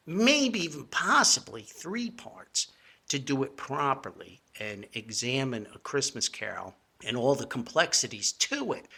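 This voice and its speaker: A man's voice: medium pitch, sharp tone. An older man from Paterson with a New Jersey accent, hosting a podcast in a rambling, chatty monologue full of asides and chuckles. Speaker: podcast host. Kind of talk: casual nostalgic monologue.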